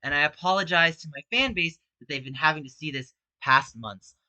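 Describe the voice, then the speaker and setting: A woman's voice: deep voice, fairly quick, sharp tone, dry recording, lo-fi sound. Agitated, accusatory woman ranting. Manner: accusatory, agitated, addresses the opponent directly; repetitive, emphatic, grows more heated. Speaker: speedrunner and video host. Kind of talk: ranting video statement.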